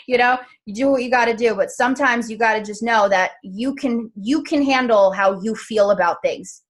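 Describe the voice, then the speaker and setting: A woman's voice: on the high side, a bit bright. A woman in her thirties hosting a casual live stream, talking straight to her viewers in a chatty, encouraging way. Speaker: host.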